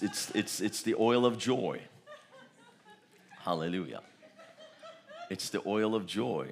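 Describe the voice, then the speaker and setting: A man preaching a charismatic sermon, repeating phrases, chuckling often and breaking into tongues. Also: sits low. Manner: repetitive, chuckling, bursts into tongues.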